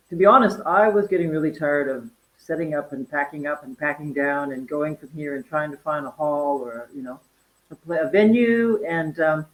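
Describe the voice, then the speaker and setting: A woman in her fifties from North Dakota, a guest chatting casually about her wellness farm, animated and full of fillers and laughs. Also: low voice, rough recording. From North Dakota, USA. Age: 50s. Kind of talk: casual interview chat.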